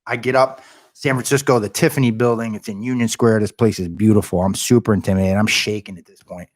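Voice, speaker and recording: A man with a fairly low voice tells a rambling, animated story as a podcast guest. He swears freely and slips into the voices of the people he quotes. The sound is dry and close. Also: quick pace, no room sound. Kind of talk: casual storytelling.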